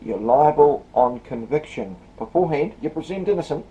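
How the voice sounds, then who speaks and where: A man's voice: a little high, animated, moderate pace, warm tone, highs cut off. A man, reading letters aloud and answering them with sarcastic, scornful commentary. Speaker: video creator.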